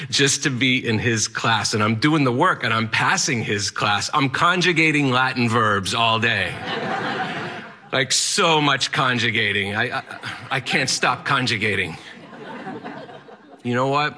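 Man telling a story, bright and forceful. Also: mid-range voice, measured pace. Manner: vivid, dramatic delivery. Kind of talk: personal story told to an audience.

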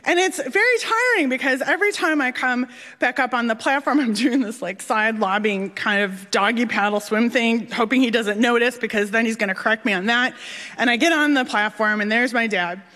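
A young woman telling a personal story on stage, animated and laughing, acting out the voices of others. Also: fairly high pitch, fairly quick. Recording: long hall reverb.

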